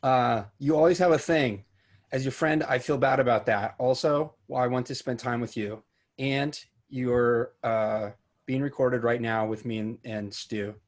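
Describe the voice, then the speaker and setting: A man's voice: medium pitch, steady tone, a little slow. Rambling, chatty podcast co-host, a man. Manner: rambling, chatty, laughs easily. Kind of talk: casual chat.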